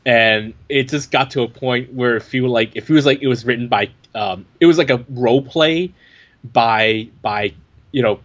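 A man's voice: medium pitch, fairly bright tone. A man reviewing a film in casual chat, wry and chatty with many fillers. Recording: dull lo-fi recording.

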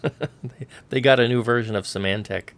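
This podcast co-host has a mid-range voice and speaks at a normal speed. He keeps things casual and relaxed, wandering through the conversation with plenty of filler words.

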